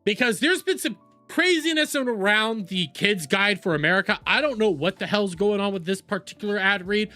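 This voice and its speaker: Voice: mid-range voice, animated, moderate pace, bright, forceful tone, soft background music. A streamer doing live reaction commentary, profane, sarcastic and mocking.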